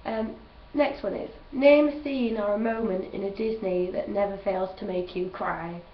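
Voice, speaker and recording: Her mid-range voice keeps a steady tone at normal speed as this young woman vlogs, chatting, gushing and often laughing while she takes questions. The casual chat was captured at home, sounding roomy, distant and dull with a little hiss or hum.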